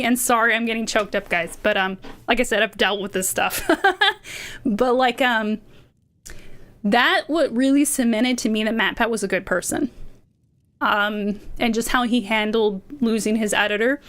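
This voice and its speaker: A woman's voice: fairly high pitch, fairly even intonation, a little slow, a bit bright. A woman streaming in casual chat, rambling with many fillers and talking passionately, sometimes sounding indignant. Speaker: VTuber streamer.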